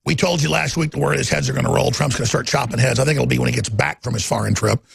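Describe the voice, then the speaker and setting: A man's voice: mid-range voice, steady tone, fast, gravelly, breathy edge, no room sound. A middle-aged man hosting a talk radio show, ranting heatedly about politics in a studio, repeating words and acting out quotes.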